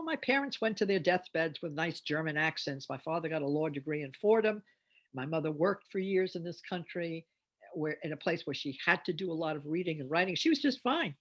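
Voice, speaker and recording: Gravelly older woman teaching phonics. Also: lowish voice, lively intonation. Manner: sounds out phonemes slowly and deliberately. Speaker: reading teacher. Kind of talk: instructional demonstration.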